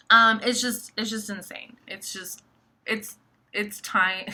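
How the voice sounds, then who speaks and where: Bright-voiced woman ranting freely. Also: mid-range voice, normal speed. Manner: animated, swears, many likes. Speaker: astrology vlogger. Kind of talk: casual monologue to camera.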